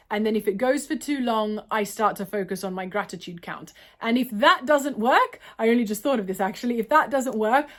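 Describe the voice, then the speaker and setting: An Australian woman answering viewer questions in a casual, rambling way, often apologizing and correcting herself. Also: fairly high pitch. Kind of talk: casual Q&A monologue.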